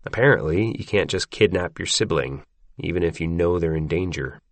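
A man reading a first-person story aloud in a steady, measured way. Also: low-pitched, no room sound. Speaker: audiobook narrator. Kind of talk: scripted first-person narration.

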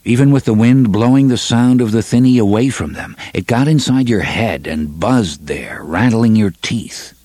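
A man narrating an audiobook with an expressive, varied delivery. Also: fairly low pitch, normal speed, hardly any pauses, no echo.

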